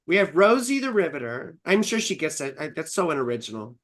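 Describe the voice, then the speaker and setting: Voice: medium pitch, very animated, a little fast. Teasing, foul-mouthed astrologer. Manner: teasing, swears freely, calls people sweetheart. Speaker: astrologer co-host. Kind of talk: casual live-stream chat.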